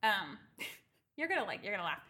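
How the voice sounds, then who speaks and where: Lively bright-voiced woman. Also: mid-range voice, fairly quick. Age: 30s. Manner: animated storytelling, laughing often. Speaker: podcast co-host. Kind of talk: casual chat.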